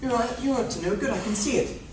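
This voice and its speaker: An actor playing a stern friend who scolds and reproaches in a stage rehearsal, recorded from afar in an echoey room. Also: male voice, very high voice, fairly quick, distant mic, background noise. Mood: reproachful.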